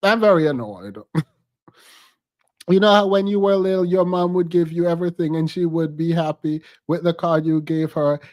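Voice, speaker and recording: A man's voice: on the high side, flat delivery, moderate pace, darkish tone. A man hosting a reaction commentary, sarcastic and incredulous, often breaking into laughter. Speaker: host.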